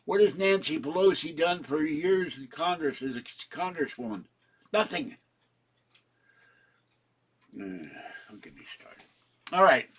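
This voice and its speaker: A man's voice: fairly high pitch, expressive, measured pace, pauses often, a bit bright, breathy edge. A man giving a rambling home vlog monologue, ranting and often laughing. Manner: ranting, frequently breaking into laughter. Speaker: vlogger. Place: at home indoors.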